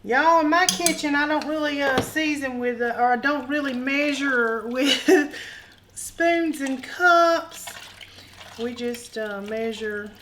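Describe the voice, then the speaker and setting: A woman chats through a recipe in her home kitchen, folksy and teasing as she goes. Her voice sits a little higher than most, and a faint sizzle of the pan runs underneath. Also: steady tone, measured pace, hardly any pauses, noisy background. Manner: folksy and joking, calls viewers honey and y'all. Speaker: cooking show host. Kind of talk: casual cooking demonstration.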